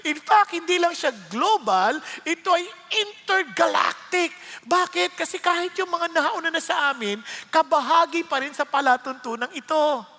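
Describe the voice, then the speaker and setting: A man's voice: very high voice, moderate pace, pushed and bright, in a large hall. A Filipino man preaching a sermon, switching between Tagalog and English in a polite, emphatic way.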